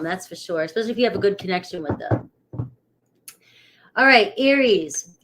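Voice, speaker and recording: A middle-aged woman from New England talks casually on her live tarot stream. She rambles easily and calls out viewers by name. Her pitch sits in the middle range. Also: slight background noise. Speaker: tarot reader.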